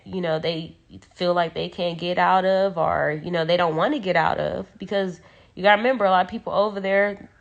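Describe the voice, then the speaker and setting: Young woman, low gravelly voice, emotional rambling phone livestream from a dark room at home. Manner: emotional, rambling with many fillers. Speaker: livestreamer speaking about her sister. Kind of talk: casual livestream talk.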